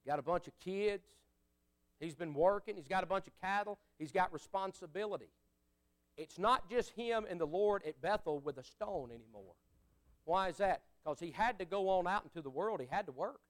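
Male preacher, high voice, smooth and resonant, folksy, swings from loud to soft. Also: animated, normal speed. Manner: folksy, rising to fiery shouts and dropping to quiet asides. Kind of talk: sermon.

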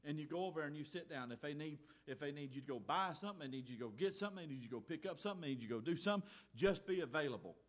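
Earnest pastor preaching. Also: male voice, on the high side, animated, racing, few pauses. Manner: folksy, earnest, swings from loud exhortation to soft asides. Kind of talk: sermon. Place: church.

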